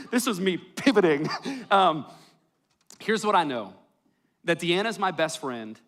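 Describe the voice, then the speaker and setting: A man's voice: a little high, fairly bright tone. A young man, preaching a sermon full of self-deprecating jokes and personal stories. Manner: joking, self-deprecating storyteller. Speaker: pastor. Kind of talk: sermon with storytelling. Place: church worship hall.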